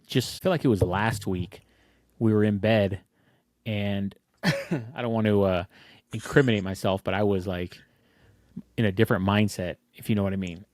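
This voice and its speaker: A man's voice: fairly low pitch, normal speed, long pauses, a little mellow, no echo, studio quality. A man co-hosting a podcast, telling a rambling story in casual chat and laughing through his words. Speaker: podcast co-host.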